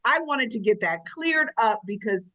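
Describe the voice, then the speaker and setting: A woman co-hosting a radio talk show, telling personal stories in an emphatic, animated way. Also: a little high, normal speed, poor audio. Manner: warm, emphatic, storytelling. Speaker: radio co-host. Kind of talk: casual radio chat.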